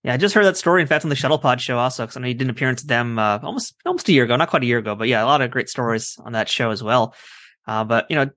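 Fast-talking podcast host, a man. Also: mid-range voice, fairly bright tone, no room sound, clean studio sound. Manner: rambling, friendly, full of fillers. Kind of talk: podcast interview.

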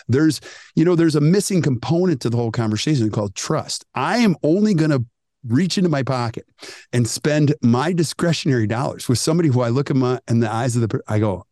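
A man coaching dental teams on a podcast, emphatic and animated, acting out what customers say. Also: medium pitch, fast talker, no room sound, clean studio sound. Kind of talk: energetic podcast talk.

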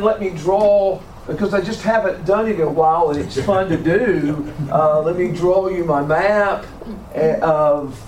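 Slow, deliberate male Bible teacher. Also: on the high side, darkish tone, slight background noise. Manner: slow, deliberate, with repeated restarts. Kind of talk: classroom Bible lecture.

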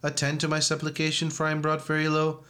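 Man reading psalms in a flat monotone. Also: a little high, fast talker. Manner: flat monotone recitation, chanting some verses. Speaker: reader at a church service. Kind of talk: liturgical reading and chanting.

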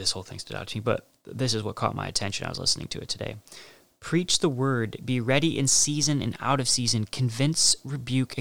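Gravelly, halting male Bible teacher. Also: fairly low pitch, a bit bright. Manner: halting, with frequent restarts and emphatic repetition; reads scripture passages aloud.

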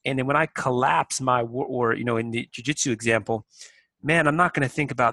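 A man's voice: medium pitch, fairly even intonation, brisk, pushed and bright, dry recording, rough recording. A man who is a guest on an interview podcast. He talks animatedly and acts out his own inner thoughts, often restarting his sentences. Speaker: guest, company president. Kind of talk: conversational interview.

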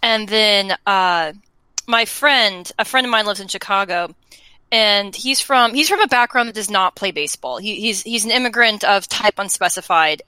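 A woman on a casual podcast chat, telling stories and jumping high when quoting people. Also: sharp tone, smooth, dry recording, rough recording.

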